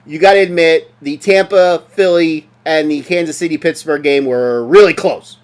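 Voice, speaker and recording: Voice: mid-range voice, moderate pace. A podcast co-host in casual sports chat, ranting and mocking with lots of swearing.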